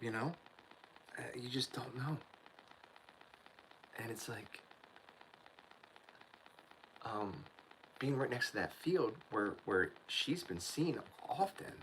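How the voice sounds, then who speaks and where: A man's voice: medium pitch, lively intonation, takes it slowly, pauses often, noisy background. A man hosting his channel, telling a story in a casual livestream chat, ranting and often saying "dude" and "man". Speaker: channel host.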